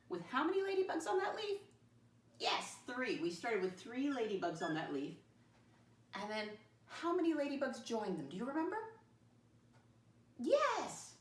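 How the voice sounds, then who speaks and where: Woman teacher, animated sing-song delivery for small kids, recorded roomy and off-mic. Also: mid-range voice, a little hiss or hum. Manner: sing-song, slow and deliberate, spells words out. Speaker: first grade teacher. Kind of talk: classroom lesson to young children. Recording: roomy classroom, mic at a distance.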